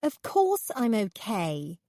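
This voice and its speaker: An excitable young woman painter chatters in a high, squealing voice, as a woman narrator puts her on. The tone is dark and mellow, and the audiobook recording is close and dry. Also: takes it slowly, dry recording, heavily acted. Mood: eager.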